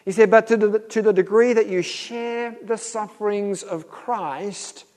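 Preacher in a reverberant hall. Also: male voice, high-pitched, unhurried, a little mellow. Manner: conversational preaching with acted-out dialogues and chuckles. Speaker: pastor. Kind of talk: sermon.

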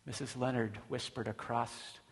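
A man's voice: medium pitch, little pitch movement, normal speed. A man preaching a sermon in a conversational way, with rhetorical questions and frequent restarts. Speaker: pastor. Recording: long hall reverb.

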